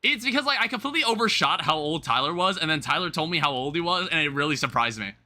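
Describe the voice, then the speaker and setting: A man's voice: fairly high pitch, animated, quick pace, pushed and bright. A young man rambling through casual live-stream chat, swearing offhandedly as he talks to viewers from home. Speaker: livestreamer.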